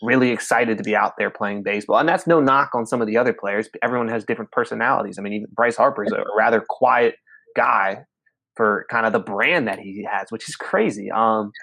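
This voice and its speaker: A man hosting a casual sports podcast, talking in quick, energetic, opinionated run-on sentences. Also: fairly low pitch, creaky, no room sound. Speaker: podcast host.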